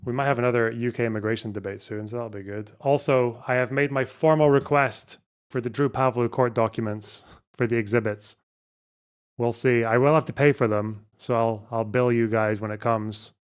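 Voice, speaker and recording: A man's voice: medium pitch, fairly even intonation, normal speed, smooth. A man hosting a casual livestream, thinking aloud and muttering over a word puzzle, swearing now and then. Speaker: livestream host.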